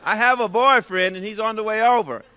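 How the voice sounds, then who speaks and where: A man's voice: high voice, fairly quick, sharp tone, clear, resonant tone, voice pushed up. A man voicing a young woman's replies while retelling a story. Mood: teasing. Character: young woman answering a suitor.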